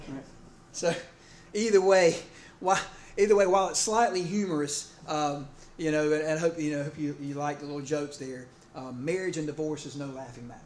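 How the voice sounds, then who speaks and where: A man's voice: on the high side, steady tone, normal speed, darkish tone, slight background noise. A man preaching a sermon in a conversational, rambling way, full of fillers and restarts. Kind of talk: sermon with humorous stories. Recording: echoey room, faint ambience.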